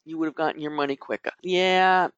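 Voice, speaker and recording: Middle-aged male podcast host, slightly high voice, rambling chatty delivery, dry dull lo-fi audio. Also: steady tone, brisk, fairly bright tone, smooth, no room sound. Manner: chatty, rambling, frequent fillers and restarts. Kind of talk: conversational podcast advice.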